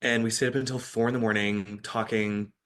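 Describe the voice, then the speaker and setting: A man from Michigan, a podcast guest, telling a story in casual, animated chat with frequent laughter. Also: lowish voice, brisk.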